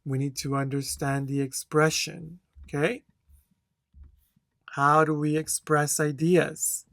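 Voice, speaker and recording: A language test instructor giving a speaking tutorial, talking slowly and deliberately, checking in with "okay?" after each point and reading a model answer with careful intonation. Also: mid-range voice, level tone, fairly bright tone, no room sound.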